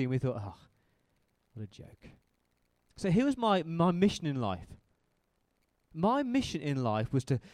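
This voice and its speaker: A man's voice: mid-range voice, a little mellow, no room sound, close to an everyday voice. A man preaching a first-person dramatic monologue as Saul, a zealous persecutor who turns repentant, telling the story vividly and throwing questions to his listeners.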